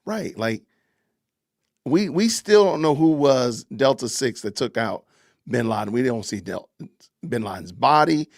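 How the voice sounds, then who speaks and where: Man with a gravelly, lively voice. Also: medium pitch, measured pace, no echo, studio quality. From Southern United States. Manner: chatty, reads out viewer comments and thanks donors, repeats phrases. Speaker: podcast host. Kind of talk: casual live-stream commentary.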